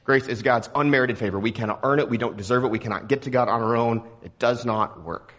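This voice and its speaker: A young man from Texas preaching a sermon in a relaxed, joking, conversational way. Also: medium pitch, fast. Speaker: pastor.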